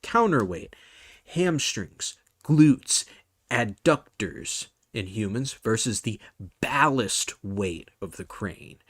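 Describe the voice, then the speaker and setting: Male podcast host, casual comedic chat, slow delivery, pitch jumping all over, dry close mic. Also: fairly bright tone, no room sound. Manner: laughs often, rambling with many fillers and restarts.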